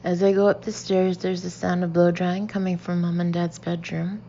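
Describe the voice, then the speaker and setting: Low, gravelly woman narrating an audiobook. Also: flat delivery, moderate pace, mellow, muffled recording, slight background noise. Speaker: audiobook reader. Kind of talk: first-person audiobook narration.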